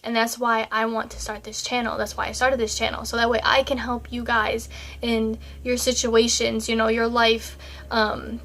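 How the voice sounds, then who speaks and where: A woman's voice: fairly high pitch, fairly bright tone. Tearful young woman vlogging. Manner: rambling, heartfelt, many fillers. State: tearful, crying at times. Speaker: YouTuber. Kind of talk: casual vlog talk to camera.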